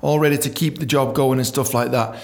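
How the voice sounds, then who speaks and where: Man, comic storyteller, sweary, laughing, squeaky high voice for himself in the story. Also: fairly even intonation, fairly quick. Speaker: comedian reading his memoir. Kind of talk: casual storytelling with read-out chapter.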